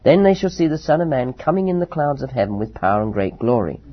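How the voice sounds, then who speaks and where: A man teaching verse by verse from the Bible, reading scripture slowly and then explaining it with emphatic rises. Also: medium pitch, big pitch swings. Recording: dull lo-fi recording.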